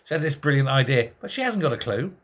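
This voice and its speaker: A man's voice: mid-range voice, sing-song, fast talker. Sarcastic man ranting about politics. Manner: sarcastic, exasperated, rhetorical questions. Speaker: political commentary host. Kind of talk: ranting monologue.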